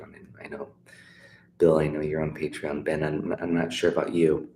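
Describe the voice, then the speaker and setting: This middle-aged guitar teacher has a rumbling, low voice with a somewhat dark tone. Chatty and encouraging on his livestream lesson, he uses plenty of fillers and keeps restarting, recorded in an echoey room with faint noise.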